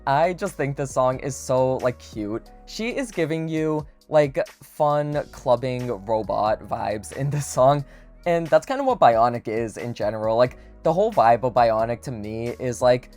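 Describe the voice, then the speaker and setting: A man's voice: mid-range voice, a little mellow. A man reviewing and ranking pop songs in a casual vlog, gushing and dramatic, saying "like" constantly. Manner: gushing, dramatic, heavy use of "like". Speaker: music reviewer. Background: faint background music.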